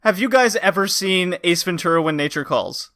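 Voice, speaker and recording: A man co-hosting a podcast, telling stories in an animated, laughing way. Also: sits high, normal speed, no echo, clean studio sound. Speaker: podcast co-host. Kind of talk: casual podcast chat.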